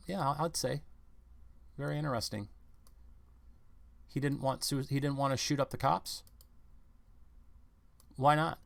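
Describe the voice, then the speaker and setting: A man's voice: on the high side, steady tone, unhurried, vocal fry, long pauses, no room sound. A man giving rambling, confrontational news commentary on his own channel, firing off rhetorical questions. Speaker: vlog commentator.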